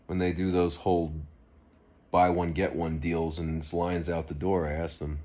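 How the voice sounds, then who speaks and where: A man's voice: low-pitched, little pitch movement, moderate pace, darkish tone. A man talking straight to camera in an unscripted monologue, rambling and earnest with frequent restarts. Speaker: video blogger.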